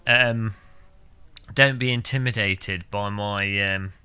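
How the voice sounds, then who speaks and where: British man, game streamer, casual rambling chat, deadpan jokes, very bright sharp voice. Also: fairly low pitch, slow, clear, resonant tone. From United Kingdom. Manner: rambling, deadpan absurd joking.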